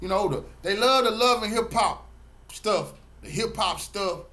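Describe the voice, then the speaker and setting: A middle-aged man speaks straight to his viewers in a preachy, emphatic flow. His voice sits a little high for a man, and he stacks up repeated words when he's fired up. It's a loose, heartfelt monologue to camera. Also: measured pace, bright, forceful tone. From Texas, Galveston County. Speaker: channel host and community activist.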